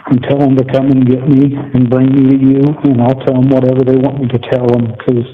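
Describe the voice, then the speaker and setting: A man calling from jail, talking softly and earnestly to reassure his wife. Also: mid-range voice, completely flat delivery, a little fast. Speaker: jail inmate on a call. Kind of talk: emotional phone call. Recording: tinny prison phone line with hiss.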